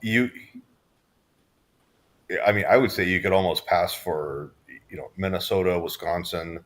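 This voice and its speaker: A podcast co-host from Southern California speaks in a low voice, a little slowly. He chats casually, wandering off with restarts and filler words.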